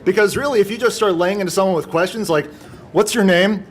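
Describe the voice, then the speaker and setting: A man on a convention panel in relaxed casual talk, tossing in quick jokes. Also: high voice.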